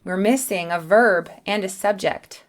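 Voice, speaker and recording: Clear, careful woman teaching English. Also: medium pitch, a little slow. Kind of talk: beginner English lesson.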